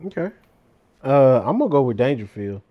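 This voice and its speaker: Man, mid-pitched, dry close sound, frank and easygoing. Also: very animated, moderate pace, no room sound, dull audio. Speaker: podcast panelist. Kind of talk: casual sports chat.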